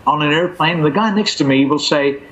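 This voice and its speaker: Older man telling stories, slightly high voice. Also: fairly quick, a bit bright, low-quality recording. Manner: anecdotal, conversational. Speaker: evangelist guest. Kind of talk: storytelling interview answers.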